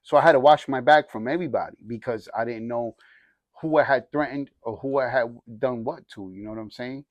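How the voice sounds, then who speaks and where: Here a young man speaks at medium pitch with no echo. Sharing his testimony with his church group, he tells his life story casually, with slang, rambling tangents and restarts.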